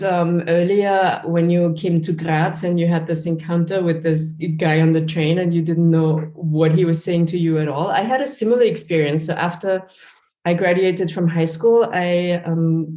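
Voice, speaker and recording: A woman, hosting a casual podcast conversation and telling stories in a chatty, animated way. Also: lowish voice, normal speed. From Austria. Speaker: host, linguist. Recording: roomy echo.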